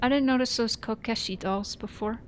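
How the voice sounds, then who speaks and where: A woman's voice: fairly high pitch, normal speed, a little hiss or hum. A woman streaming a game, chatting casually and rambling with frequent fillers and self-corrections. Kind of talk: casual let's-play commentary.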